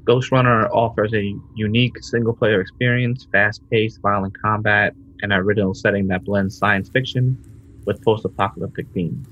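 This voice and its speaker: Man, podcast co-host, low husky voice, laid-back and slangy, dull lo-fi recording. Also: steady tone, moderate pace, fairly bright tone. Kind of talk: casual podcast chat.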